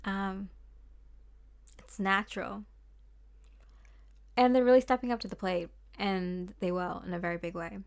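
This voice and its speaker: A woman's voice: mid-range voice, fairly even intonation, unhurried, long pauses. A young woman giving a casual tarot reading, rambling and chatty, with lots of fillers and small laughs. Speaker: tarot card reader.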